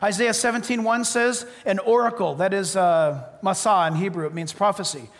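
American male preacher, very high voice, emphatic punchy lines, long hall reverb. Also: moderate pace. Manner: emphatic, repetitive, punchy short phrases. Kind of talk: sermon.

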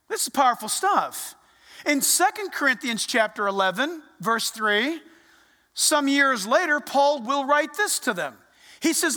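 A pastor preaching a sermon in a church, animated, acting out voices and dropping to quiet asides. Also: high-pitched, moderate pace, big-room sound.

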